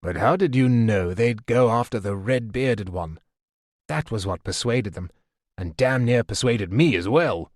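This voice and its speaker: Audiobook figure: stubborn wounded man, gruff and low, voiced by the male narrator; dry close recording. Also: expressive, measured pace, dry recording.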